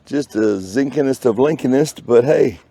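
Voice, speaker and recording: A man's voice: medium pitch, moderate pace, creaky, dark tone, breathy edge, no echo. A man with a Texan accent narrating his metal detecting outdoors in a park, folksy and jokey, tossing out playful made-up words. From Texas. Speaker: metal detecting channel host. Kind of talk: casual narration while detecting.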